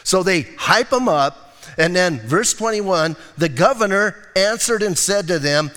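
A male pastor preaching in a church with long hall reverb. His voice sits a bit high for a man. He tells the scripture story in a loose, lively, chatty way. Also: normal speed. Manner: casual, animated Bible storytelling. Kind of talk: sermon. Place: church sanctuary.

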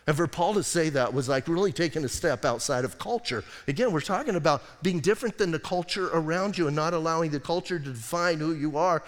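A man preaching a casual, joking sermon as pastor, acting out quick asides in other voices. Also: on the high side, big-room sound. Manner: animated, jokey preaching with acted asides.

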